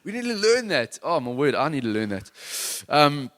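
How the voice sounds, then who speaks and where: A man's voice: a little high, sing-song, moderate pace, fairly bright tone. A man preaching a sermon in an earnest, conversational, self-deprecating way, with many restarts. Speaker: worship leader giving a sermon.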